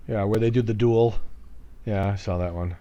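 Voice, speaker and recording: Man, low voice, chuckling co-host, halting asides, casual podcast. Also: steady tone, warm tone, dull audio. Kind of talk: casual chat.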